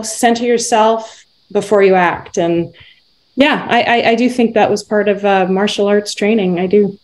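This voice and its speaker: A woman's voice: mid-range voice, poor audio. A woman with a Canadian accent, a senior karate instructor, telling a story as a guest in a casual podcast conversation. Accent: Canadian English. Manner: lively storytelling.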